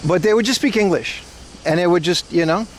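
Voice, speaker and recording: A man's voice: sits high, fairly quick, slight background noise. A Dutch man hosting a casual livestream while walking outside, rambling loosely, laughing often and talking to his chat. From Netherlands. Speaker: livestream host.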